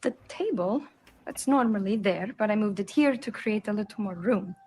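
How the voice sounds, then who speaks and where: An eager, gentle wife. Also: female voice, mid-range voice, normal speed, breathy edge. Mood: tender. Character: wife greeting her husband home. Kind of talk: scripted drama dialogue.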